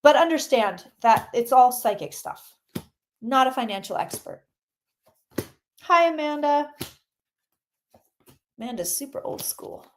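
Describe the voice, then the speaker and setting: A woman reading tarot cards on a casual livestream, chatty and excitable, greeting viewers by name and swearing mildly. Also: high voice, a little slow, pauses often, slight background noise.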